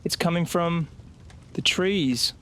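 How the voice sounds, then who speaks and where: A man voices a frightened young woman deep in a dark jungle. She speaks in a hushed, fearful way. The voice is lifted high above a man's usual tone. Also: takes it slowly, slight background noise. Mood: scared.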